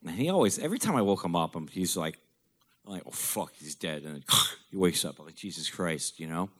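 A man with a very low, deep voice tells a personal story. He talks bluntly, swears freely and slips in dark jokes. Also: big pitch swings, fast. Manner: blunt, profane, darkly joking.

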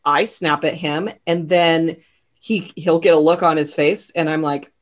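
A woman's voice: low voice, steady tone, a little slow. A woman in her thirties hosting an interview, chatting casually and telling a family story with a laugh in her voice. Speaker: host.

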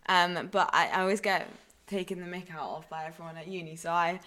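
A woman's voice: lowish voice, fairly even intonation, a little fast, sharp tone. A young woman with a northern English accent from the Newcastle area, co-hosting a casual podcast chat and rambling with fillers and restarts. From Newcastle, northern England. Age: young adult. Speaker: podcast co-host, university student.

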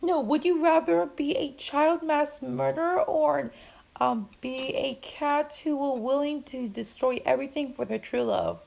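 A woman's voice: high-pitched, unhurried, gravelly, darkish tone. A woman guest on a casual podcast chat over a video call who blurts out random ideas.

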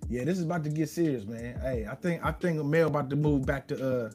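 A man co-hosting a casual chat that recaps a TV show, animated and laughing, often acting out the characters' lines. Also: on the high side, fairly quick, soft background music. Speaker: podcast co-host.

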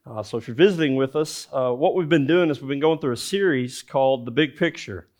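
A man's voice: medium pitch, brisk, a little mellow. A man, a lead pastor, preaching a sermon in a conversational way, with filler words and rhetorical questions.

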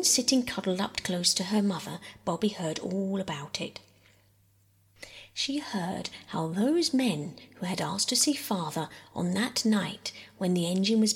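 A woman reading a classic children's novel aloud in a hushed bedtime whisper. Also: mid-range voice, gravelly, husky. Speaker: audiobook reader. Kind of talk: whispered bedtime story narration.

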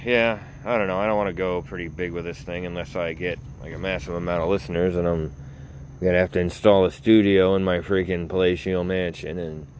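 A man's voice: deep voice, fairly even intonation, fairly quick, darkish tone, a little hiss or hum. A man hosting his own podcast, rambling casually, mocking himself and laughing at his own jokes, recorded on a phone. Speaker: podcast host.

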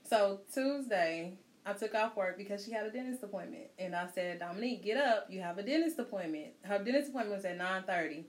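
A woman talks quickly in a casual chat with friends, her words coming at a brisk clip. She tells stories about her kids with animated delivery and keeps calling her friends girl. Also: mid-range voice. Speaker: mother.

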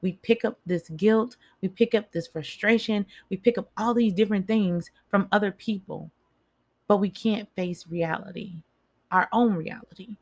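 A woman's voice: mid-range voice, normal speed. A woman giving a casual motivational talk, chatty and speaking straight to her listeners, repeating phrases for emphasis.

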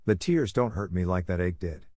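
A man's voice: deep voice, normal speed, warm tone, no room sound, clean studio sound. A man reading aloud voices a grieving, earnest orphan girl in a raised voice.

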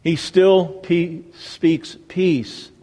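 Man, pastor, sermon, slow and deliberate, dramatic loud-to-hushed delivery, long church echo. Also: a little high, fairly even intonation. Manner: dramatic, swinging from raised emphasis to hushed, reverent delivery.

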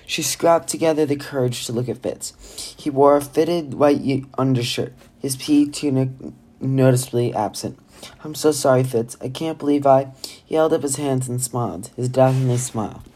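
A homegrown audiobook narration, read at an even, unhurried clip. The reader keeps a plain, steady delivery and simply backs up to restart a phrase after a stumble. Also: medium pitch. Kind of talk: amateur novel read-aloud.

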